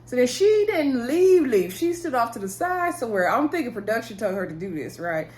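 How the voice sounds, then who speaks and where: A woman's voice: a little high, big pitch swings, fairly quick, a little mellow. A young adult woman recapping a reality show in a casual, gossipy way, laughing and acting out what people said. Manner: gossipy, laughs and acts out quotes.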